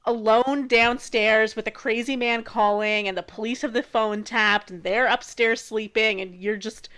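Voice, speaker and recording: A woman's voice: on the high side, steady tone, unhurried, a bit bright. A woman co-hosting a podcast in casual movie chat, playful and acting out scenes with quoted lines. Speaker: podcast co-host.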